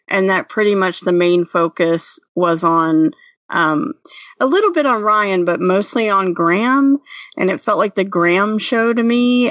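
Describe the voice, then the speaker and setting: A woman's voice: mid-range voice, a bit bright, dry recording. A woman co-hosting a podcast, chatting casually and giving frank opinions with plenty of fillers. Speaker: podcast co-host. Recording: muffled lo-fi, off-mic.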